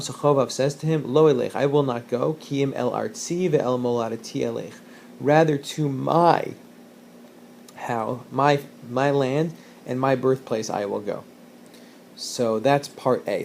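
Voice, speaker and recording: A male teacher with a gravelly edge to his mid-pitched voice walks through a text, reading Hebrew verses aloud and translating them phrase by phrase. His delivery is casual, with fillers and restarts. A faint hiss sits under the recording. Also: darkish tone. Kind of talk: recorded whiteboard lesson.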